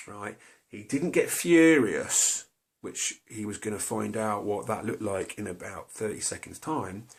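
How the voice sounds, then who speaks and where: A man's voice: on the low side, creaky, fairly bright tone. A middle-aged man tells a personal story to camera, hesitant and confessional, full of fillers and restarts. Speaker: vlogger.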